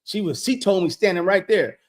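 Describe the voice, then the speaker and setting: A man vlogging, telling a casual story in an animated way, retelling conversations with lots of "I said, he said" and repeated words when he gets excited. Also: sits high, fairly quick.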